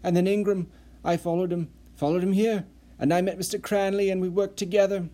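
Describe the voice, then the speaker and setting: An anxious, eager man who gushes his words out in a breathless tumble, as a male audiobook narrator puts him on. His voice sits noticeably higher than the narrator's own, yet stays soft and mellow. He talks as if his thoughts outrun his sentences. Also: little pitch movement, brisk, close to an everyday voice. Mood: excited. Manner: breathless, tumbling, high-strung. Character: anxious eager middle-aged man, gushing.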